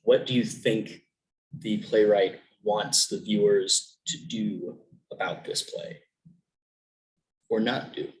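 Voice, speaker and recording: A man's voice: fairly low pitch, steady tone, takes it slowly, pauses often, a little hiss or hum, rough recording. A young man giving a recorded virtual lesson in a casual way, with lots of ums, restarts and questions to the class. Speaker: student teacher.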